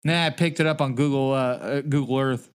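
A man's voice: medium pitch, fairly even intonation, a little fast, clear, resonant tone. A man co-hosting a podcast in loose, rambling casual chat, swearing a lot and laughing often. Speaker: podcast co-host.

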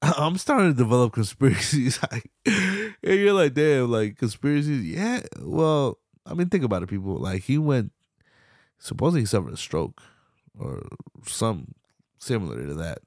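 A man's voice: medium pitch, big pitch swings, moderate pace, dry recording, studio quality. A young man hosting a podcast, rambling casually with slang, swearing and laughter. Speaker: podcast host. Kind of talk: casual solo commentary.

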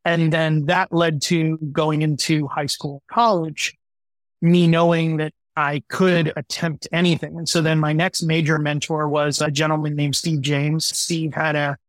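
A man in his forties, a guest entrepreneur telling his story in an interview, animated and acting out the voices of people he quotes. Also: fairly high pitch, unhurried, dry recording.

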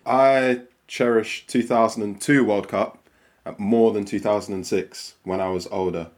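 A man's voice: lowish voice, fairly even intonation, measured pace. A man in his twenties reminiscing hesitantly in casual football chat. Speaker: podcast co-host.

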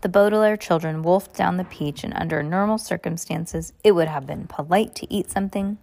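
A woman's voice: on the low side, normal speed, gravelly, a little mellow. A woman reading a chapter of a children's novel aloud, with small slips and restarts. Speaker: reader.

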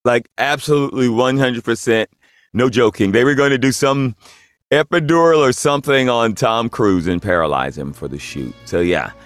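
A man telling a casual anecdote in a low-key, deadpan way. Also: normal speed, dry recording, faint music behind. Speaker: actor telling a story.

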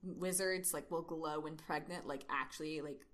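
Young woman, co-host; bright, edgy tone, rambling chatty delivery with lots of fillers. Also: low voice, fairly even intonation, normal speed. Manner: chatty, many fillers, laughs easily. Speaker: podcast co-host. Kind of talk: casual chat and reading aloud.

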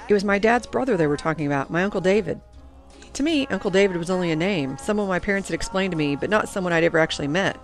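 A woman narrating a first-person story in a reflective, even-paced manner. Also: fairly low pitch. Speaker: audiobook narrator.

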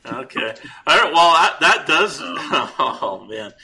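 A man's voice: a little high, very animated, takes it slowly, gravelly, pushed and bright, a little hiss or hum, poor audio. A middle-aged man telling rambling, jokey stories about fatherhood on a podcast. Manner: rambling, self-interrupting, jokey. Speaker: podcast co-host. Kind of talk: casual storytelling chat.

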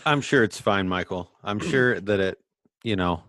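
A man's voice: fairly low pitch, expressive, moderate pace, a bit bright, no echo. A man co-hosting a casual podcast, laid-back, with a dry sense of humor, on a cheap mic. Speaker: podcast co-host. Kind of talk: casual chat. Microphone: cheap budget mic.

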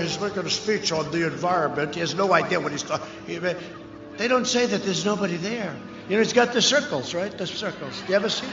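A high, rambling man at a rally. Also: noisy background. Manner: rambling, repetitive, with mocking asides and shouted lines. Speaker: political candidate speaking at a rally. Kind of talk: off-the-cuff rally speech. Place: large rally venue. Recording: echoey, lo-fi rally sound with long reverb.

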